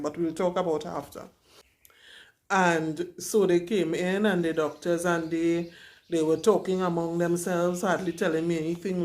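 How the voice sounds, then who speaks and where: A young woman, candidly and dramatically retelling her own story to camera as a vlogger. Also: on the low side.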